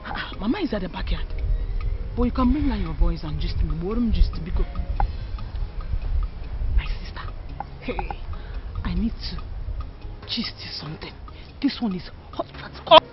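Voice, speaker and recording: An actress with a Nigerian Pidgin-tinged accent playing an excitable young woman who gossips eagerly in a hushed voice. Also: medium pitch, fast talker, close to an everyday voice. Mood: gossipy. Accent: Nigerian Pidgin-tinged English. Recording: dull film audio with loud music.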